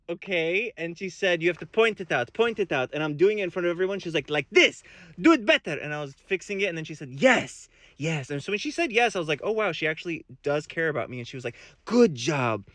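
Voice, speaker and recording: A man's voice: a little high, a little fast, no room sound. A young man telling a funny story to camera, laughing often and acting out what people said. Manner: animated, laughs often, acts out quotes. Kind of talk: comic storytelling.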